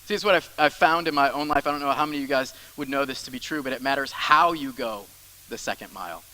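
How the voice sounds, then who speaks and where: A young adult man preaching a sermon as pastor, emphatic, repeating phrases and dropping into soft asides. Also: mid-range voice, fast, low-quality recording.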